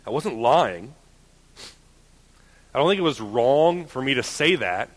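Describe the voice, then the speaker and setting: A young man preaching a sermon, moving from a personal story told in a quiet conversational voice to forceful preaching. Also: medium pitch, lively intonation, measured pace. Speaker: pastor. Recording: church hall reverb.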